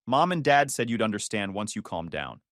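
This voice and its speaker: A man's voice: fairly low pitch, big pitch swings, normal speed, fairly bright tone, no echo, clean studio sound. A man voicing a desperate adult sister who pleads and accuses in a raised voice. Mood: angry. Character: desperate angry adult sister, self-pitying.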